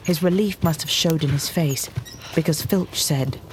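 A man narrating a children's storybook in a measured, expressive reading. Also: fairly high pitch, slight background noise. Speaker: audiobook narrator.

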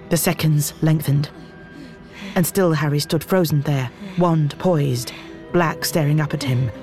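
Dramatic audiobook narrator over music. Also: medium pitch. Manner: measured, dramatic storytelling. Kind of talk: scripted fantasy narration. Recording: music bed under narration. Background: background music.

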